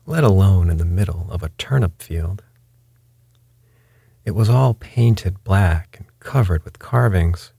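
Deep, slow-reading male storyteller. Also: creaky, warm tone, breathy edge, no room sound. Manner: measured, unhurried reading. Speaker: narrator.

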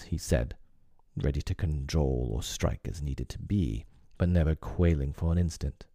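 A man reading a storybook aloud as narrator, measured and unhurried. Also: extremely low pitch, warm tone, no room sound, clean studio sound. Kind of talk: audiobook narration.

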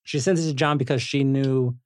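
Animated man telling movie stories. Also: medium pitch, fairly quick, no room sound. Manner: animated storyteller, swears, laughs often. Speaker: podcast host. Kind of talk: casual podcast chat.

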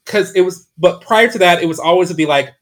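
A man with a somewhat high voice tells a long, candid story as a podcast guest. He rambles, restarting sentences and filling gaps with "like". He is recording from his bedroom at home. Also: fast, a bit bright. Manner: rambling, frequent "like" fillers and restarts.

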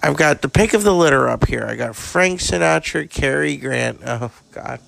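A man's voice: on the high side, animated, moderate pace, gravelly, a bit bright, no room sound, full character voice. A man doing an impression of a crude, brash older actress, bawdy and campy in manner. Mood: bawdy, camp.

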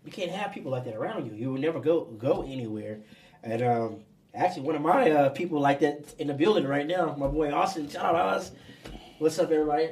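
Upbeat male host, high and lively, a touch off-mic. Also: quick pace, distant mic. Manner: lively, excitable, laughs easily. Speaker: podcast host. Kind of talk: casual chat. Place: podcast studio.

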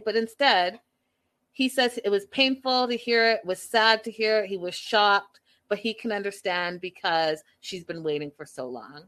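A woman's voice: mid-range voice, measured pace, sharp tone. A woman hosting a reaction show in casual commentary, speaking emphatically and with exasperation, repeating her points.

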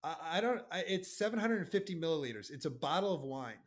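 A man's voice: on the high side, sing-song, fast. A man guest in a casual chat, eager and full of stories. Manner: eager, storytelling. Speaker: guest, podcaster.

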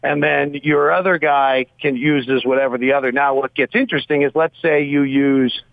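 A man's voice: a little high, steady tone, moderate pace, gravelly, no room sound. A man calls into a sports radio show and breaks down the team at length, rambling and thinking aloud as he goes. His voice comes through a thin, tinny phone line with a dry, close sound. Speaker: team radio broadcaster, guest. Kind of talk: casual sports radio analysis.

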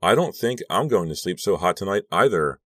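A man's voice: sits low, lively intonation, brisk, no room sound, clean studio sound, pitched above the performer's own voice. A man voicing a boastful, competitive teenage girl in an audiobook. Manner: boastful, loud.

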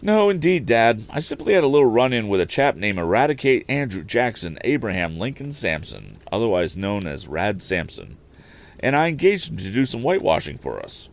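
A man voicing an eager teenage boy inventor in a storybook, talking in an excited way. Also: fairly low pitch, fairly quick, vocal fry, voice pushed up. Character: eager young male inventor, a teenage son.

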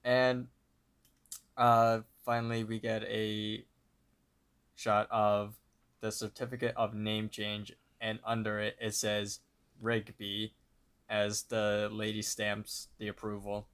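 A man's voice: lowish voice, completely flat delivery, slow pace, fairly bright tone, clean tone. A man co-hosting a podcast, casually retelling a cartoon episode over a voice call, with fillers and the odd laugh. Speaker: podcast co-host. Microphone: online voice call.

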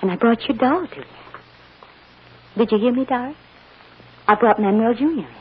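A woman's voice: fairly high pitch, normal speed, slightly rough, highs cut off. A woman playing a tender, anxious mother, soothing and sometimes tearful, in 1940s radio acting. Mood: gentle. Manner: soothing, emotional, tearful at times. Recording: scratchy old radio recording, hiss.

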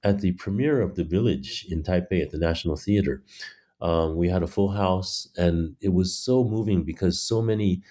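A playwright from China being interviewed, telling animated stories and acting out the voices of the people in them. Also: male voice, sits low, normal speed. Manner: animated storyteller, acts out quoted voices. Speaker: playwright guest. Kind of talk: conversational interview.

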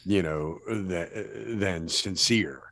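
A man co-hosting a podcast, chatting casually about films in a halting way, stammering and using lots of fillers. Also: low-pitched, gravelly, fairly bright tone, no echo. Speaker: podcast co-host. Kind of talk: casual film discussion.

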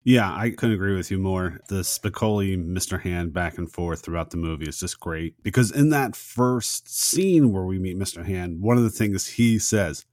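A man with a fairly low voice chats about a favorite movie scene in an easygoing, agreeable way. The recording is dry, with no room sound. He tells the story at a relaxed, conversational pace. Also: normal speed, few pauses, dry recording. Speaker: podcast co-host. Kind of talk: casual movie discussion.

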